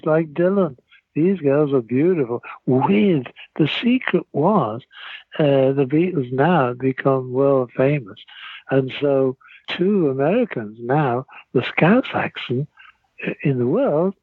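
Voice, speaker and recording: An older man with a Liverpool accent telling rambling, lively anecdotes as an interview guest, over a tinny phone line. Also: a little high, husky, no room sound. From Liverpool, England. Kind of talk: anecdotal storytelling.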